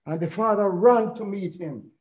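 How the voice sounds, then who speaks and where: A man's voice: sits high, normal speed, a little mellow, muffled recording. A middle-aged man preaching a sermon, retelling a parable as a story and quoting scripture.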